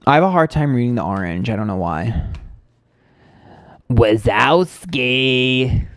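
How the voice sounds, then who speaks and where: A man's voice: mid-range voice, expressive, slow pace. A man in his thirties with a New York accent, chatting on a live stream and reading viewer comments aloud. He talks loosely and candidly, swearing freely, with plenty of fillers. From Queens, New York. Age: 30s. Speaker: psychic tarot reader streaming live.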